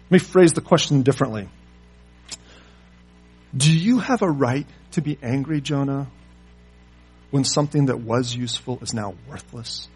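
A man preaching, his voice husky and a little breathy at a middle pitch. He presses his listeners with rhetorical questions, rising loud on the big points and dropping low for quiet asides. Soft music plays faintly behind him. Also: normal speed, long pauses. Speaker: pastor. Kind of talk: sermon.

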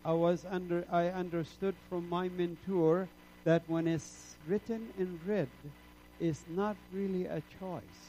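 High-voiced impassioned man preaching slowly. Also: fairly even intonation, slight background noise, poor audio. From Middle East. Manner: emphatic, swinging from low and soft to loud peaks. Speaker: preacher giving his testimony. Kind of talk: impassioned sermon testimony.

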